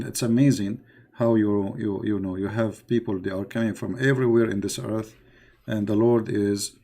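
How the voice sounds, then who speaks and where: Gravelly dark-voiced man host. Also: on the low side. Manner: plain speech with many fillers and repetitions. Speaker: host of a call-in show. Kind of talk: casual closing talk to listeners on faith.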